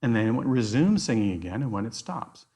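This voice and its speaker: A man presenting an online workshop on nature activities, enthusiastic and given to animated storytelling. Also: mid-range voice, fairly quick, husky. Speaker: outdoor educator, workshop presenter.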